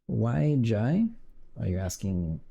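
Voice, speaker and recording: Gravelly low-voiced man muttering while coding. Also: animated, slow, mellow, highs cut off. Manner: mutters while coding, swears when frustrated. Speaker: game developer streaming his work. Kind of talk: casual live-coding commentary.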